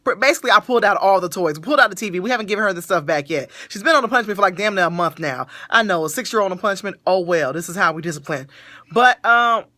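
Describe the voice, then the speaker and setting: A woman hosting a casual podcast, telling a story in an animated way and laughing often. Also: medium pitch, rapid-fire, no room sound. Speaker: podcast host.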